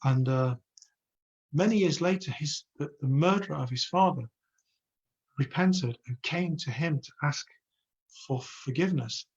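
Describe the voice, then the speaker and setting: A man's voice: a little high, a little slow, long pauses, slightly rough, highs cut off. A man giving a live online religious lesson in an earnest way, often asking his listeners rhetorical questions. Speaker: religious teacher.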